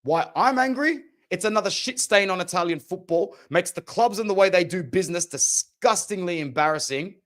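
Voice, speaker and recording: A man's voice: sits high, brisk, few pauses, fairly bright tone. A young man hosting a football podcast, ranting passionately and opinionated in casual slang. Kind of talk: opinionated sports talk.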